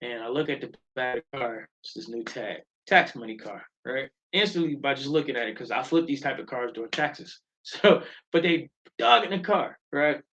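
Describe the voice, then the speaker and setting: A middle-aged man hosts a live show in casual talk. He tells stories in an animated, emphatic way and drifts into preaching. The audio is a little dull and lo-fi. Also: mid-range voice, normal speed, hardly any pauses. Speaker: show host.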